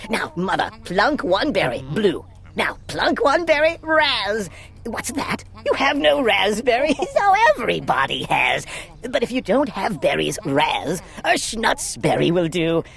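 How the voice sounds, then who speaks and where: A woman's voice: mid-range voice, big pitch swings, a little slow, creaky, fairly bright tone, exaggerated voice. A woman voicing a smug, chatty male glunk creature in a storybook read-aloud, glib and rambling.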